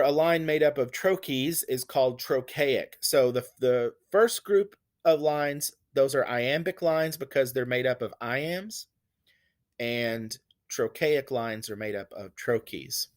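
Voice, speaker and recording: A man teaching poetic meter, explaining step by step with fillers and self-corrections, and reading verse lines slowly with heavy stress on the beats. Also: medium pitch. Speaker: poetry teacher. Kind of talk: classroom lecture on poetic meter.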